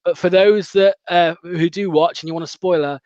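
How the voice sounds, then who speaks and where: A young man with a high voice rambles and jokes through a fan show, full of fillers and quick asides. His voice comes through dull and dry, like muffled video-call audio. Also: steady tone, darkish tone, no room sound. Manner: chatty, jokey, rambling with many fillers. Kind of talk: casual chat.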